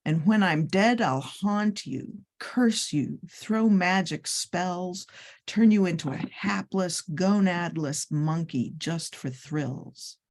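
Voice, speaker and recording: A woman's voice: on the low side, takes it slowly, darkish tone. A woman reading a poem aloud, voicing a quoted grandmother who makes fierce threats. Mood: threatening.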